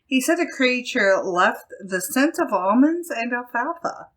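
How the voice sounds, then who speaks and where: A woman co-hosting a chatty podcast, reading a news piece aloud with a bright, forward tone. She talks slowly and a bit high, and giggles often. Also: expressive. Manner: giggly, reads articles aloud. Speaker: podcast co-host. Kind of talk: casual chat, reading a news article.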